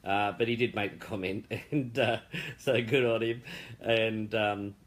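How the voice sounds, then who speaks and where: A man, founder of an online group, giving a casual live-stream update in a chatty, rambling way, warmly praising members. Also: on the low side, steady tone, a little slow.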